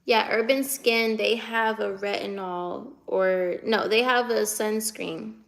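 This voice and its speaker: A woman's voice: medium pitch, fairly even intonation, takes it slowly, gravelly. A woman in her twenties from the United States, chatting casually on a live stream and answering viewer comments as she reads them, laughing often. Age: 20s.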